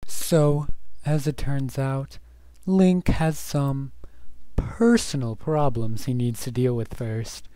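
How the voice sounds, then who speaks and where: A man hosting his own channel, doing a comedic mock ASMR bit in a soft, whispered voice. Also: mid-range voice, slow. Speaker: channel host.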